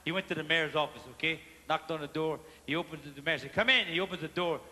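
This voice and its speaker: A man's voice: on the high side, steady tone, quick pace, bright, forceful tone. A man with a Cajun accent from Louisiana, telling stand-up stories and teasing the crowd on a large theater stage. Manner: chatty, playful, addresses the crowd. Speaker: stand-up comedian. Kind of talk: live stand-up storytelling. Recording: live theater reverb, faint hall noise.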